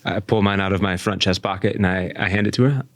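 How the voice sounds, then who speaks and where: Low-voiced male player, dry sound. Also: level tone, quick pace, dry recording. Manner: describes actions in first person.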